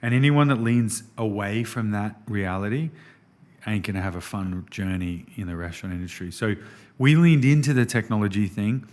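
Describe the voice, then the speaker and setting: An Australian man guesting on a podcast, telling business stories in a casual, animated way and often saying "man". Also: fairly low pitch. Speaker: restaurant executive guest.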